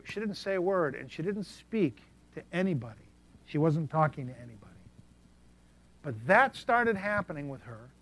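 A male preacher with a slightly higher voice than most men, telling stories from the pulpit. His delivery is animated, dropping to quiet asides and then rising into loud bursts. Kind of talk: sermon storytelling.

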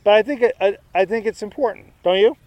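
A man's voice: sits high, fast talker, dry recording, dull audio. A male pastor preaching a sermon in a conversational way, with joking asides to his congregation.

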